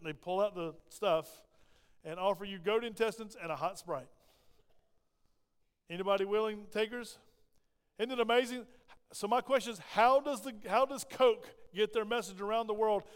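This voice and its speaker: A man's voice: high-pitched, smooth. A man, a pastor preaching an emphatic sermon that swells and drops. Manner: emphatic, rising and falling preaching delivery. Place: church sanctuary. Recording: long hall reverb.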